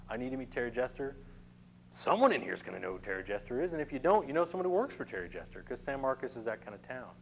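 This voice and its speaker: A man's voice: mid-range voice, big pitch swings, racing, vocal fry, few pauses, slight background noise, poor audio. A middle-aged man teaching a networking workshop to a live room, talking casually and checking in with "okay?" often. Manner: conversational, addresses the room with frequent "okay?" check-ins. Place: meeting room with a small audience.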